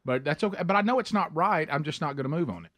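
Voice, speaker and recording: A man's voice: a little high, animated, quick pace, a bit bright, no room sound. A man with a Southern American accent co-hosting a radio show, joking about himself and laughing often. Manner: self-mocking, laughs often. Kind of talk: casual radio banter.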